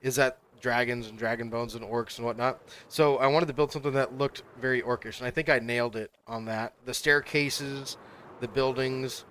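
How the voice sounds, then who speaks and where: A man's voice: mid-range voice, fairly even intonation, moderate pace, fairly bright tone, clear, resonant tone. Guy streaming a game, talks casually, laughs a lot, regular middle voice. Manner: chatty, laughs often, gives tours. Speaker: streamer host. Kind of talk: casual gaming chat.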